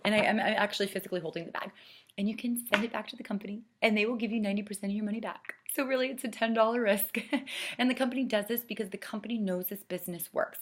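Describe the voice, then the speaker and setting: A middle-aged woman coaching saleswomen, earnest and persuasive, dropping to a soft hush to stress a point. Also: medium pitch, fairly even intonation, fast, background noise. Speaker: sales director training consultants. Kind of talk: coaching talk with acted sales pitch.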